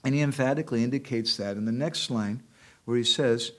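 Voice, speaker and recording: A man's voice: medium pitch, a little fast. A man giving a devotional class, translating verses line by line and checking in with the audience with short questions. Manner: explains verses line by line, translating each one. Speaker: speaker at a temple class.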